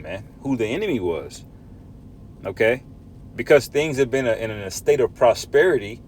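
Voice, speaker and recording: A man with a fairly low voice preaches from scripture, emphatic and often ending lines with "man" and "all right?". It's scripture teaching, with slight background noise behind him.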